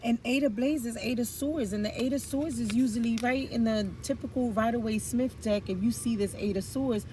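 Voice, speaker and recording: A woman's voice: a little high, brisk, warm tone, slight background noise, low-quality recording. A woman giving a casual tarot reading, chatty and blunt, with frank slang and the odd swear. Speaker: tarot reader.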